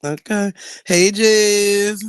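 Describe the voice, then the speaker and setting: A man's voice: sits high, extremely slow, clean tone. Brash, laughing man on a stream. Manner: brash, animated, laughs often, swears freely. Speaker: panelist on a live online talk stream. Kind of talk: casual trash-talking chat.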